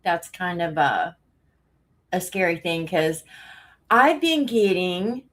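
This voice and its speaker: A woman's voice: fairly low pitch, big pitch swings, takes it slowly. A woman hosting a casual live stream, out of breath, rambling and laughing often as she greets viewers.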